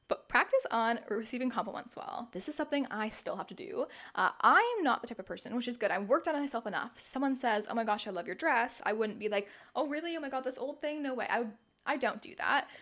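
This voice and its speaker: A woman's voice: a little high, lively intonation, fairly quick, a bit bright. A young woman in her twenties hosting a casual self-help podcast, chatty and upbeat with plenty of fillers. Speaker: podcast host.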